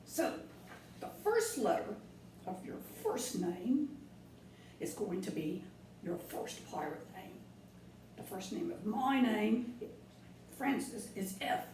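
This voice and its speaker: This woman talks slowly and pauses often, her mid-range voice sing-song and darkish. Playing a jokey pirate, she walks children through a craft step by step, cracking corny jokes along the way. The recording has room echo, a distant mic, and faint noise.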